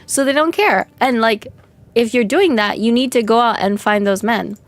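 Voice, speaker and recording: Reading comments during a casual livestream, a young vtuber streamer chats with her audience in a frank, crude, self-mocking way and laughs often. Her voice is fairly high, her speed normal, and the recording dry.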